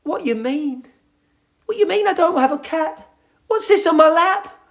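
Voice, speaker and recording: A shrill, flustered guy protesting loudly about his cat, as a man puts him on. The voice jumps far above his own and stays in a comic, indignant register. throughout. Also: animated, measured pace, full character voice. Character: flustered adult man who swears he ran over his cat.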